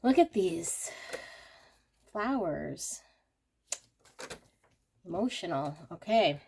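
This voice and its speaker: Tarot-reading host, female, fairly low voice, gushes and exclaims over each card. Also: animated, takes it slowly, long pauses. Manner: gushing, exclamatory. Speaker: tarot reader.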